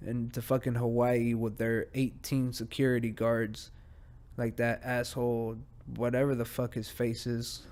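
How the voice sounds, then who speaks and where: Male solo podcaster, mid-pitched, swears a lot and rambles off track. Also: darkish tone, smooth. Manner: profane, rambling rants; easily distracted, drifts off mid-sentence. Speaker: podcast host.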